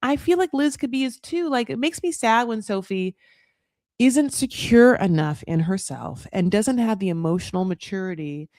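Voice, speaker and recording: A woman recapping reality TV in a loose, gossipy ramble that swings widely up and down in pitch. She is candid and peppered with swearing. The sound is dry and close with no room around her. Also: animated, normal speed, darkish tone, dry recording. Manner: candid, profane, gossipy, with a lot of "like". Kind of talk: casual commentary.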